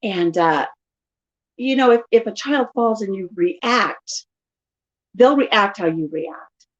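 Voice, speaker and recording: A middle-aged woman casually telling stories in an animated way during a live chat at home. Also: medium pitch, slow pace, highs cut off. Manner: chatty, animated storytelling. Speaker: vlogger.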